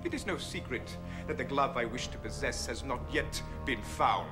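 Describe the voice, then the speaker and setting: An actor playing a grandiose evil overlord who speaks theatrically to his followers on a low-budget kids' TV show. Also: lively intonation, moderate pace, natural voice. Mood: menacing. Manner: pompous, theatrical villain speeches. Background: show music.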